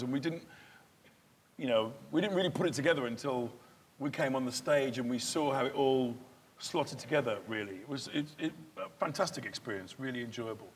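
A man's voice: mid-range voice, slightly rough. Chatty middle-aged man onstage. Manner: chatty and playful, bursts into animated recitation. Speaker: guest actor and comedian. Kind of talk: casual on-stage conversation. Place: large theatre, live audience event.

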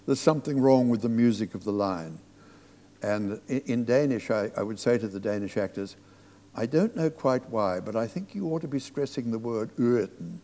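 An older man with a mid-pitched voice recalls his theatre work in an anecdotal, dryly humorous way. His voice carries a long reverb, like a hall talk in front of an audience. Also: darkish tone. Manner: anecdotal, dry humour. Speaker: theatre director.

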